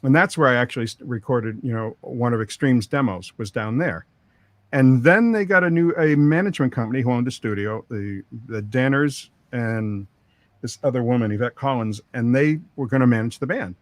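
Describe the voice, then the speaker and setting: A man's voice: mid-range voice, moderate pace, no echo. A middle-aged man, a record producer, telling long rambling studio stories full of quoted dialogue. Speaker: record producer, interview guest. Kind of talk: storytelling interview.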